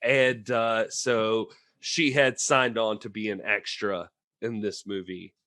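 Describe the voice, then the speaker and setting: A man's voice: on the low side, steady tone, slow pace, bright, forceful tone, no room sound. A man co-hosting a film podcast, talking casually and chattily with many restarts and fillers. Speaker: podcast co-host.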